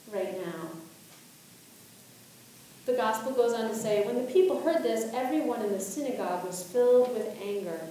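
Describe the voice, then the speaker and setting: A woman's voice: on the high side, mellow, slight background noise. A woman pastor giving a sermon, asking reflective questions and reading scripture aloud. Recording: echoey room, voice from a distance.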